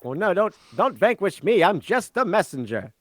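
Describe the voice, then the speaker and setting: A brash, booming announcer voice belongs to a floating microphone, as a man puts it on, pitched well above his usual talk and pushed loud. It hypes the crowd in a showy game-show manner. The sound is dry and close, with no room around it. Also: very animated, moderate pace, no echo. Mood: flustered. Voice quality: loud, booming showman delivery.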